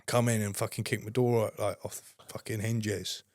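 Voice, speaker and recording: A young man spins a long, rambling anecdote as a podcast guest, cursing at nearly every turn. His voice sits fairly low. The sound is close and dry, with no room around it. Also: level tone, moderate pace, a little mellow, no room sound. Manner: heavy swearing, rambling anecdotes. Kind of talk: casual storytelling.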